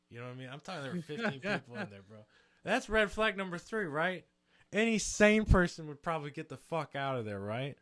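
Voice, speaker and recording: Animated young man telling a story, dry sound. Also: on the high side, dry recording. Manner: animated, swearing, acts out quotes. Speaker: podcast guest storyteller. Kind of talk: casual storytelling chat.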